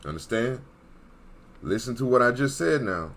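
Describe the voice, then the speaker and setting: A man's voice: medium pitch, expressive, normal speed, fairly bright tone. A man giving an emphatic, preachy monologue as an online commentator, repeating points and checking in with his listeners. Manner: emphatic, repetitive, checks in with "Okay?".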